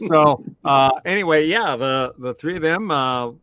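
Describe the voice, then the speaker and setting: A man's voice: fairly high pitch, animated, measured pace, bright, forceful tone, clear, resonant tone, no echo. A man hosting a podcast, steering a casual chat with questions. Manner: friendly, steers the talk with questions. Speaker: podcast host.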